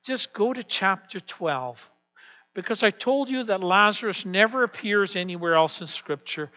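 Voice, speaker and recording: A man preaching a sermon as pastor, swinging from hushed, quiet passages to loud, emphatic declarations. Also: high-pitched, expressive, normal speed. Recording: dull lo-fi sound with long hall reverb.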